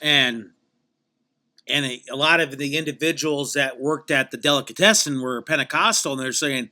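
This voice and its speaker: A man hosting a podcast, telling a rambling comic story with deadpan asides and constant restarts. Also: medium pitch, normal speed. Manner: meandering, self-correcting, deadpan tall tale. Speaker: podcast host.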